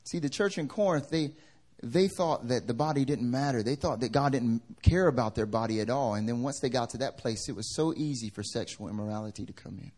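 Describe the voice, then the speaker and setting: A male pastor preaching a sermon in a lively way. He swings from loud to hushed and acts out the people in his stories. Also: medium pitch, a little fast.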